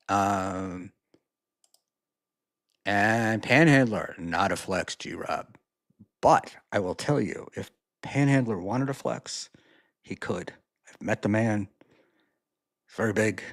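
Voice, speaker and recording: A man's voice: on the low side, dry recording, clean studio sound. A man hosting a casual solo livestream, reading out chat messages and reacting in a rambling, profane way with lots of fillers.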